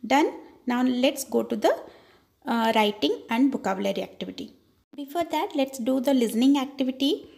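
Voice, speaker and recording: High-voiced woman teaching an English lesson. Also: animated, creaky, a little mellow. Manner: addresses the class as children, slow, repeats words to drill them. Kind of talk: classroom lesson explanation.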